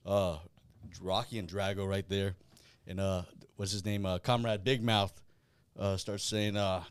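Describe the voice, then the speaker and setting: A man, hosting a casual podcast and talking in a blunt, profane, animated way. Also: low voice, measured pace, clear, resonant tone, dry recording. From South Louisiana. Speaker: podcast host.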